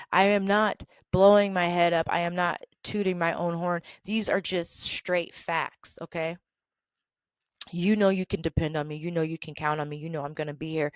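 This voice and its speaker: A woman telling a work story in a casual vlog, animated and emphatic, repeating phrases for effect. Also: fairly low pitch, dry recording.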